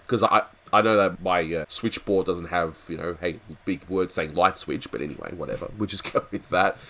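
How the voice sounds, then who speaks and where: A man's voice: deep voice, normal speed, sharp tone, slight background noise. A man hosting a cartoon review, chatting casually and laughing often as he talks. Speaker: host of a cartoon review show.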